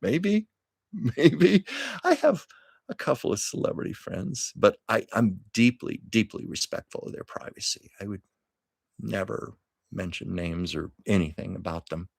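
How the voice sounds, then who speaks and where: A man with a gravelly, husky voice hosts a casual livestream at a measured pace, reading viewer comments and responding earnestly and encouragingly with lively swings in pitch. The audio is studio quality with no room sound.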